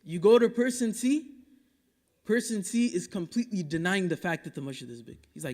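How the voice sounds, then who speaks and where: Male imam from Dallas, high voice, impassioned Friday sermon with quick Arabic recitation, long mosque-hall reverb. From Dallas, Texas. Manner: impassioned, rhetorical, swinging between loud urging and hushed asides; recites Quranic Arabic quickly between English explanation.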